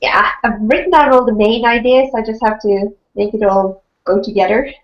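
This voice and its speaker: A woman's voice: medium pitch, steady tone, moderate pace. A woman guest on a video call, giving plain, brief answers. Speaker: guest cosplayer. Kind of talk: casual interview over a video call. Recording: dull lo-fi call audio.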